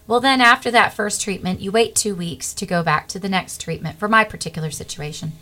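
A middle-aged woman, a guest, telling a personal faith testimony in an earnest, animated way. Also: medium pitch, a little fast.

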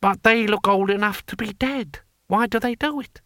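Man voicing a fretful high tax gatherer. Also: normal speed, fairly bright tone, dry recording, clean studio sound. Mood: alarmed. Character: anxious fussy male tax gatherer.

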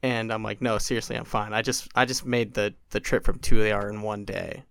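A young man on a podcast tells a long story in casual chat, his fairly low, smooth voice creaky and a little fast. He's animated, acting out what other people said and leaning on lots of "like" fillers.

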